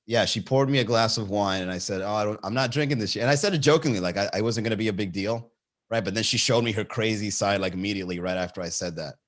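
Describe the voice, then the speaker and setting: A young man hosting a comedy podcast, telling a dating story with lots of swearing and high-pitched impressions. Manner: animated, swearing, acts out voices in a high pitch. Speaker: podcast host.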